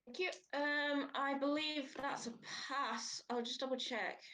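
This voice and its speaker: A woman's voice: high voice, fairly even intonation, a little slow, bright, forceful tone, a little hiss or hum. A woman playing a tabletop game, chatty and correcting herself as she goes. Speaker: player. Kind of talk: casual chat at a game table.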